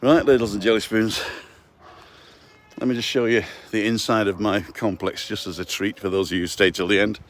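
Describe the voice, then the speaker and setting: A man's voice: fairly low pitch, steady tone, quick pace, few pauses, fairly bright tone. A man with a cold giving a jokey, chatty live-stream walking tour, talking into a phone he holds as he walks outdoors. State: has a cold. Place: outdoors, walking through a residential complex. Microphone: handheld phone.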